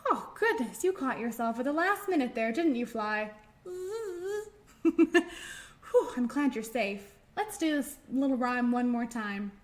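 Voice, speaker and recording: A woman leading a children's storytime, reading aloud and doing finger rhymes in a gentle, sing-song way. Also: a little high, animated. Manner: slow, gentle, sing-song with frequent laughs. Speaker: children's librarian.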